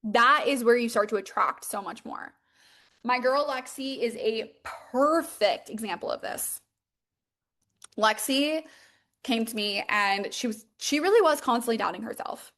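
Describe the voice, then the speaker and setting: A young woman coaching her listeners in a loose, emphatic podcast monologue. She leans on fillers and swears freely for emphasis, and her voice sits a little high. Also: measured pace, a bit bright. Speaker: podcast host, mindset coach. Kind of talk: motivational monologue.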